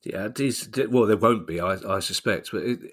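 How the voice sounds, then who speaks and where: A man's voice: lowish voice, moderate pace. A man co-hosting a football podcast, chatting casually in a jokey, self-deprecating way with stammered restarts. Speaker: podcast co-host.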